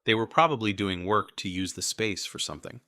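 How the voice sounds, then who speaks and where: A man reading a first-person urban fantasy audiobook in a measured, steady way. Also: fairly low pitch, dry recording, studio quality. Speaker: audiobook narrator.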